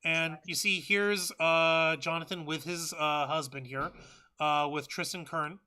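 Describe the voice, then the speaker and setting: A fired-up man hosting a livestream, reading out news and chat comments between angry, profanity-laced rants. His voice sits high for a man and has a sharp, piercing edge. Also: fairly even intonation, unhurried, smooth. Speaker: livestream host.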